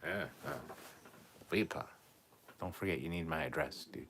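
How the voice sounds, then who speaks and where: Deep-voiced man casually reading chat. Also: moderate pace, slight background noise. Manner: relaxed, profane, reads viewer comments aloud. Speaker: podcast co-host reading chat comments. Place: home room cluttered with costumes.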